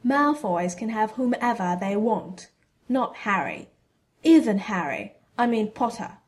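A woman's voice: medium pitch, expressive, measured pace, lightly acted. A woman voicing a haughty, scornful teenage boy wizard in a storybook reading, with a condescending drawl.

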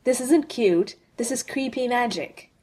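A woman voicing a brash, sarcastic man in an audiobook reading, with a husky tone and quick, exasperated banter. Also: a little high, dark tone, voice pushed up.

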